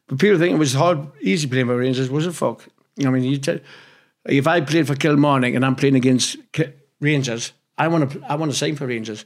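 A man's voice: mid-range voice, a little fast, gravelly. Geordie man, interview guest, blunt, swears a lot, rambling anecdotes. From Newcastle, England. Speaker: guest, former footballer. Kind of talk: casual storytelling interview.

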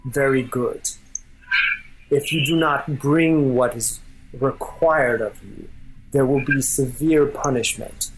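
A man voicing a menacing male king who speaks slowly and deliberately from a shadowy throne in a tabletop role-play. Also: medium pitch, background noise, natural voice. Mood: commanding. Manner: slow, deliberate, commanding.

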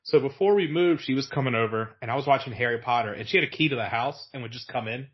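In a muffled recording, a young Virginian man speaks quickly in a mid-range voice. He's a podcast guest swapping casual stories, meandering with plenty of "like" fillers and laughing through them.

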